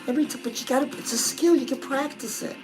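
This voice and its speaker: A woman with a notably high voice talks in a chatty, sassy coaching tone on a comedic live show, calling her listener "girl" again and again. Clear music plays under her voice throughout. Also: fast, rough recording. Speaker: self-help show host.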